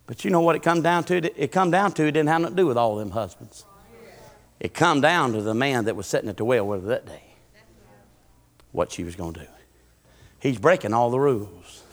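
A man preaching a sermon, swinging from hushed murmurs to fervent, rising cadences. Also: medium pitch. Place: church. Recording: music behind, long hall reverb.

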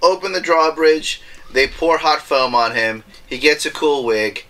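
A man chatting casually about a movie, retelling scenes with quick voice impressions and bursts of laughter. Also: a little high, steady tone, pushed and bright, rough recording. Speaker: podcast co-host.

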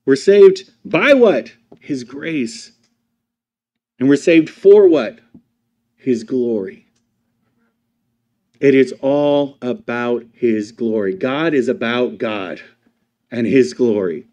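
A male pastor with a medium-pitched voice delivers a sermon, putting rhetorical questions to the congregation. He swings between loud, emphatic lines and quiet, slow ones.

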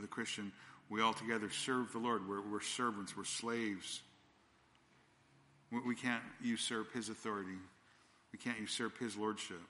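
Earnest low-voiced man preaching in a reverberant hall. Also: pushed and bright. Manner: earnest, repetitive, with frequent restarts and "again". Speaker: pastor. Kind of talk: sermon. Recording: long church-hall reverb.

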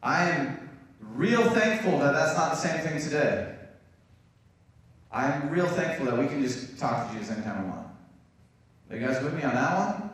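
Casual preacher in a very echoey church. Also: male voice, a little high, big pitch swings, moderate pace, fairly bright tone, distant mic. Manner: casual, chatty preaching with asides to the congregation. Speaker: pastor. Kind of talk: sermon. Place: church hall. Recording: very echoey church room, voice from off-mic.

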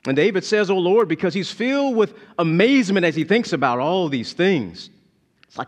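Animated high-voiced male preacher. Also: brisk. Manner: emphatic, animated preaching with repeated phrases. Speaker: pastor. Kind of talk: sermon.

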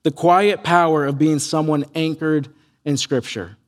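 A man preaching a sermon as pastor, earnest and animated, acting out quoted voices as he tells a story. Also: fairly high pitch, unhurried.

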